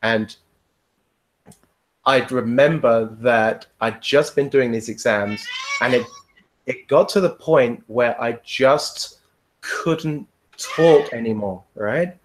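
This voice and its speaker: A man's voice: medium pitch, takes it slowly, a little hiss or hum. A man in casual podcast chat, telling a long rambling story, swearing freely and laughing often. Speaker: podcast guest.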